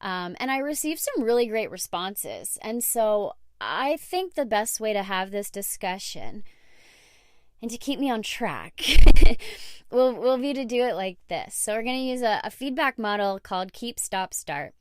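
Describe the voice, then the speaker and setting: A woman talking straight to her listeners in a relaxed solo podcast, chatty and candid, throwing in fillers and the occasional swear. Her voice is smooth and clear, recorded close and dry with no room sound. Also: mid-range voice, unhurried, no echo. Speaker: podcast host. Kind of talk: casual solo podcast talk.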